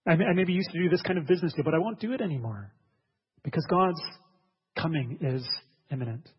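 A man's voice: fairly high pitch, fast, slightly rough. A man preaching a sermon as a pastor, earnest, often repeating words and asking listeners questions. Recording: dull sound with long hall reverb.

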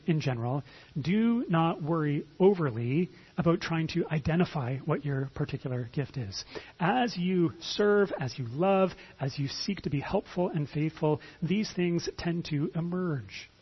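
A man preaches in a relaxed, conversational way, often stumbling over repeated words as he begins a thought. His voice sits high for a man and sounds very husky. The recording is dull and lo-fi. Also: normal speed. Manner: conversational, repeats words when starting phrases. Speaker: pastor. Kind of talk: sermon.

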